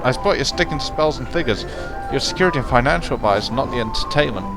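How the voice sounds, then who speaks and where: Brief: scolding tavern owner, voiced by a man, brusque and fast. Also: mid-range voice, lively intonation, over music, natural voice.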